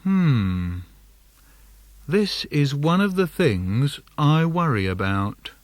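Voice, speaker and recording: A man reading his own children's poems for a studio cassette in an animated, comic way, slipping into lively character voices. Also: a little high, drawn-out words. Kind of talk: playful poetry reading for children.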